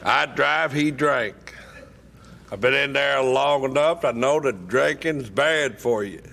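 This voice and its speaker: A man telling a wry, deadpan story from his own life at a recovery meeting. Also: medium pitch, takes it slowly, gravelly. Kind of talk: humorous personal storytelling.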